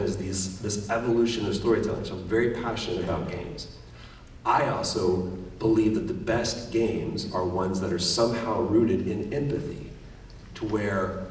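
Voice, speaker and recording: A lower-voiced middle-aged man tells stories to a live convention audience. He slips into quoted voices as he goes. The sound rings through a big hall, picked up from a distance. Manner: animated storyteller, acts out quoted lines. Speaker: panel guest, voice actor. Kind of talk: convention panel talk. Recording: echoey hall, distant mic, faint noise.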